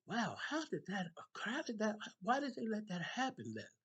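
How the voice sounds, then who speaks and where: A curious young woman asks her questions in bewilderment, as a male storyteller puts her on. The voice rises in pitch and keeps a husky grain. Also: wildly swooping pitch, normal speed, a bit bright, full character voice. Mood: puzzled.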